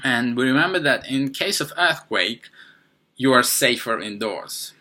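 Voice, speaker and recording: A man hosting a podcast, telling a first-person story in a halting way, with many fillers and restarts. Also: medium pitch, lively intonation, sharp tone. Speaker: podcast host.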